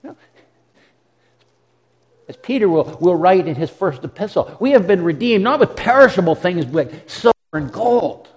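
Recorded with long hall reverb, a pastor preaches earnestly in a high-pitched, sing-song voice at a moderate pace. He often repeats words when he begins again and adds dramatic quoted asides.

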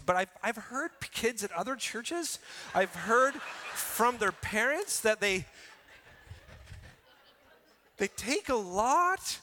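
A middle-aged male pastor delivers a sermon in a high, bright, ringing voice. He is animated and often slips into acting out excuses with rapid repeated words. His voice carries a long reverb from a large church hall.

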